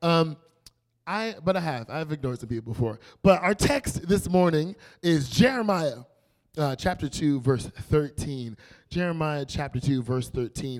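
Young male youth pastor, playful storyteller, slightly high voice. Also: a little slow. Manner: animated, playful storytelling with acted quotes. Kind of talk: casual youth sermon.

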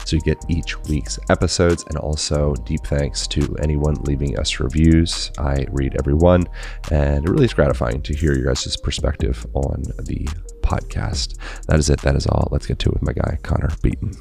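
A man hosting a podcast, introducing his guest and chatting in a relaxed, joking way. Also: extremely low pitch, moderate pace, gravelly, faint music behind. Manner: relaxed, joking, laid-back. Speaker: podcast host. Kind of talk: casual podcast conversation.

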